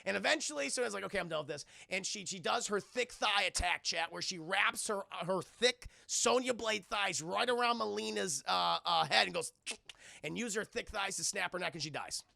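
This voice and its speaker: Gravelly, sarcastic man recapping a film. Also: high-pitched, moderate pace, bright, forceful tone, no echo, clean studio sound. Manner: sarcastic, swears a lot, acts out scenes. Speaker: streamer reviewing a film for live chat. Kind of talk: casual profane film recap.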